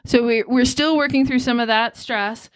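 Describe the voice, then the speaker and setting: A woman's voice: a little high, steady tone, normal speed, smooth, no room sound. A woman hosting a podcast, talking earnestly and reflectively in a casual conversation. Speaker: podcast host.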